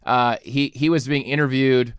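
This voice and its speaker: A man's voice: mid-range voice, fairly even intonation, moderate pace, smooth, no room sound, studio quality. A congested man, a pastor co-hosting a podcast, talking earnestly in casual chat with many restarts.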